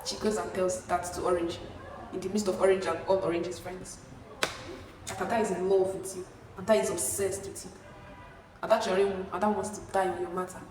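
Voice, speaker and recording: Animated young woman, echoey room. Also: brisk. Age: young adult. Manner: animated, acting out quotes with sudden pitch jumps. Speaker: vlogger. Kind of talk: storytime vlog. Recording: echoey room, far from mic, faint hiss.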